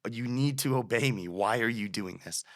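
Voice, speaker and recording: A man's voice: mid-range voice, moderate pace, lightly acted. A young man voicing an exasperated ancient prophet who scolds his stubborn donkey while retelling a story.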